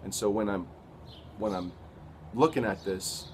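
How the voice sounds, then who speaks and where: A man giving an earnest, halting personal testimony, retelling events with quoted dialogue. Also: on the low side, slight background noise.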